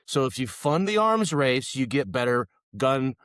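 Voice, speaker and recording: Man with lively, jokey delivery. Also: medium pitch, measured pace, clean tone, no echo, clean studio sound. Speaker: podcast co-host. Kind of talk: casual movie review chat.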